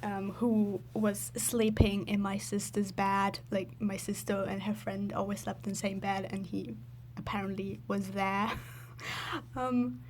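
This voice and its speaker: A woman's voice: mid-range voice, level tone, unhurried, darkish tone, slight background noise. A woman telling a story in a casual, rambling voice-over, filling her talk with "like" and giggling often. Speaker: video creator.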